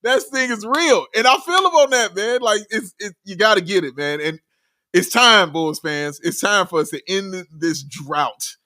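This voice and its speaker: A man co-hosting a sports podcast in casual chat, excitable and emphatic, often laughing. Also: high-pitched, moderate pace, dry recording, studio quality. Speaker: podcast co-host.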